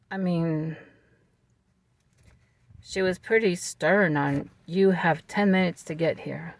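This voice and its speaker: Speaking to the camera, a vlogger recounts a personal story calmly and evenly, with fillers and restarts along the way. The voice sits at a medium pitch and has a creaky quality.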